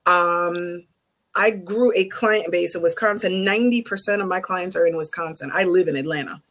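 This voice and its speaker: A woman who works as a psychic and Reiki master, telling a candid, animated story in a casual group video chat. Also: fairly low pitch, moderate pace, poor audio.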